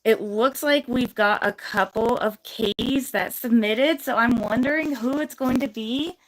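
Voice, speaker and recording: A young woman hosting a casual livestream giveaway, bubbly and chatty with lots of fillers, her voice a little hoarse from losing it. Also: fairly high pitch, a little slow, low-quality recording.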